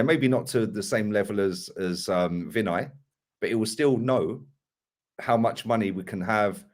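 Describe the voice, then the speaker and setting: A man, a podcast guest arguing his point emphatically and asking for agreement. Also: lowish voice. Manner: emphatic, keeps asking "right?". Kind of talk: casual podcast chat.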